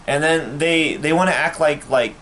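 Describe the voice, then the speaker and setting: A man's voice: on the high side, moderate pace, fairly bright tone, slight background noise. A man, a vlogger, ranting to camera in a bitter, angry and profane way. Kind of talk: personal rant to camera.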